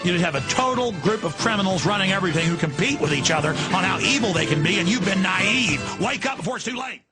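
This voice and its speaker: A man hosting a talk radio show, ranting with impassioned intensity, swinging between yelling and hushed urgency. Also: high-pitched, expressive, quick pace, over loud music.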